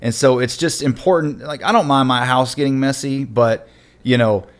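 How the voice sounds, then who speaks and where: A man of ordinary pitch speaks frankly in relaxed conversation, peppered with swearing. He stumbles and restarts his sentences as he works through his thoughts. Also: normal speed. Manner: candid, profane, restarts often. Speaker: podcast guest and military veteran. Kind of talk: casual conversation.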